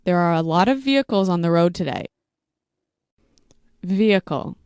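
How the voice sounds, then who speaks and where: A woman reading vocabulary words and example sentences for English learners, in a slow, deliberate, evenly paced way. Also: lowish voice, lively intonation, darkish tone, smooth, dry recording. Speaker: English teacher.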